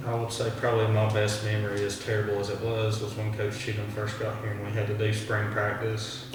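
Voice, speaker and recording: A teenage boy, a high school football player, rambling through a story in an interview. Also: monotone, fairly quick, crowd noise. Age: teens. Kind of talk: casual interview answer. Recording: echoey hall, distant mic, noisy.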